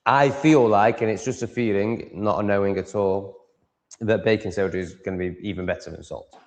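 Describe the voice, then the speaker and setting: A man's voice: on the low side, fairly even intonation, normal speed. Rambling Yorkshireman in a reverberant room. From Yorkshire, England. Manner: rambling, self-interrupting, chatty. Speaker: livestream host. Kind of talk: casual livestream monologue.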